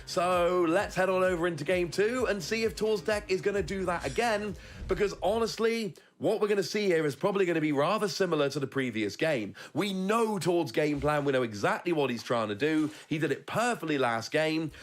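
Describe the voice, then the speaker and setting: A man's voice: fairly high pitch, expressive, brisk, few pauses, faint music behind. Analytical male card game commentator. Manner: analytical, explains play step by step.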